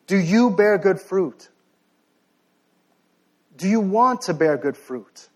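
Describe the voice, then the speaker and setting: High-voiced passionate young male preacher. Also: lively intonation, takes it slowly. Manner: passionate, rising to near-shouting then softening to sheepish asides. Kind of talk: sermon.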